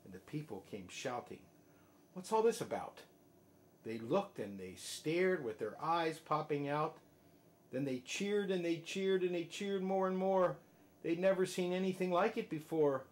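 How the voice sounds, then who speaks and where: A father reading a rhyming picture book aloud, sing-song and dropping soft at line ends. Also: on the high side, unhurried. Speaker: father reading to his child.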